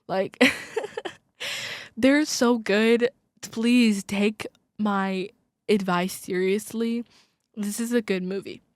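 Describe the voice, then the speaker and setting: A young woman hosts a casual college radio show, gushing about her favorite things and filling her talk with "like" and sudden asides. Her voice sits at a middle pitch, recorded close and dry in a small studio. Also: steady tone, no room sound. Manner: gushing, filler-heavy, quick asides. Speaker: podcast host. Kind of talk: casual chat.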